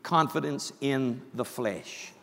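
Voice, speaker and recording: A man preaching a sermon, emphatic, dropping to hushed asides and rising to shouts. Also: mid-range voice, takes it slowly, vocal fry, long reverb tail.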